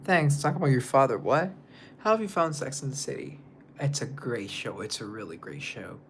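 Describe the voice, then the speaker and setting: A young man, a singer, casually chatting on a livestream and reading out viewer comments in a rambling way, drifting into soft asides. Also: mid-range voice, sing-song, normal speed, a little hiss or hum.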